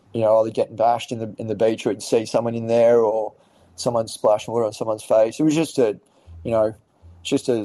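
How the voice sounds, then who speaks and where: A man's voice: fairly low pitch, warm tone, dry recording, low-quality recording. A man telling rambling stories in a casual podcast chat, swearing freely and restarting his sentences often. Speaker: podcast guest.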